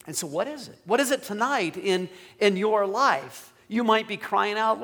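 High-voiced man preaching with emphatic bursts. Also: lively intonation, moderate pace, vocal fry, few pauses, fairly bright tone. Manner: conversational preaching with emphatic quoted commands. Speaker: pastor. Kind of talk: sermon.

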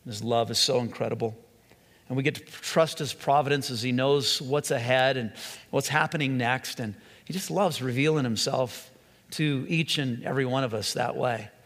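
A man preaching a sermon as a pastor, earnest, stretching key phrases slowly and often restarting his sentences. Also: mid-range voice, a bit bright. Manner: earnest, with slow emphatic phrases and frequent restarts. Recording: long hall reverb.

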